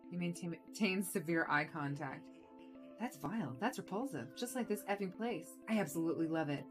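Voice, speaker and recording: Low-pitched woman streamer, easy wry game narration. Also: moderate pace, faint music behind. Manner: casual, wry, soft-spoken asides. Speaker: let's play streamer. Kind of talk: reading game text aloud and commenting.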